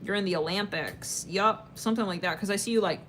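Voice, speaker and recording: A woman's voice: medium pitch, brisk, fairly bright tone, slight background noise. A woman doing a casual tarot reading for her viewers. She talks in a chatty, rambling way, with lots of fillers and sudden laughs. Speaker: tarot reader.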